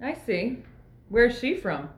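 A woman's voice: a little high, big pitch swings, slight background noise. A woman reading the part of a zealous female police officer in a play read-through, bossy and suspicious, in a roomy echo. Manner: bossy, suspicious, slow and emphatic.

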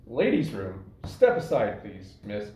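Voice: sits low, huge pitch swings, takes it slowly, warm tone, full character voice. A performer playing a stern lawman in a play read-through, brusque and interrogating. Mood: suspicious. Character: stern suspicious lawman hunting contraband. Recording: dull, echoey room.

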